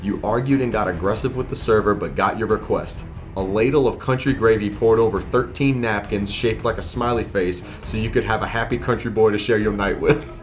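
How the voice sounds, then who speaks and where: A man's voice: lowish voice, a little fast, faint music behind. A man co-hosting a casual podcast, playfully reading out game scenarios with dramatic flair. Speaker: podcast co-host.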